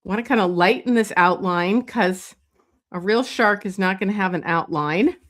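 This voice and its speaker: A woman leading a live drawing lesson, talking slowly and thinking aloud as she sketches, with many pauses and fillers. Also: medium pitch. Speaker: drawing instructor. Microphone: streaming setup.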